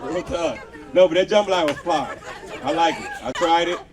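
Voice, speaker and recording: Heard from a distance with crowd laughter and background noise, a Los Angeles stand-up comedian in his thirties performs a profane, loose set on an outdoor patio. He interacts with the crowd a lot. His slightly high voice moves at a moderate pace.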